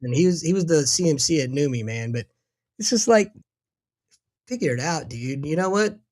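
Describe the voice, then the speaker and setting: Middle-aged man, casual storyteller, swears a lot, slightly high voice. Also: moderate pace. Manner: profane, animated storyteller acting out quotes.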